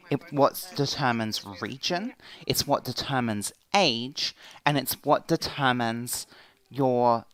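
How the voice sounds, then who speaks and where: A young woman teaching a casual voice acting class, explaining slowly and deliberately and demonstrating voices along the way. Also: a bass voice, low-quality recording. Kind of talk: casual class lecture in a virtual world.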